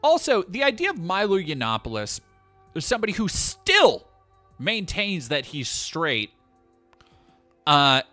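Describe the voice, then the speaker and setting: A male streamer reads news headlines to his chat and reacts with mocking asides. His everyday voice swings widely in pitch. Faint music plays behind him. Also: bright, forceful tone, no echo. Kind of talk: casual stream commentary.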